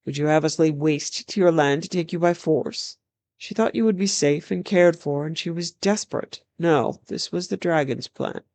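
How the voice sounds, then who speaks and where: A storyteller voicing a stern, haughty dark elf warrior in a read-aloud fantasy tale, measured and commanding. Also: medium pitch, vocal fry, dry recording, natural voice.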